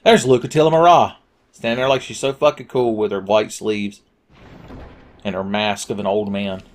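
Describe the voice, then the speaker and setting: A man giving casual, crude, joking commentary over a video game and yelling at it at times. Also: lowish voice, fairly even intonation, normal speed. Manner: crude, jokey, yells at the game. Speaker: Let's Play commentator.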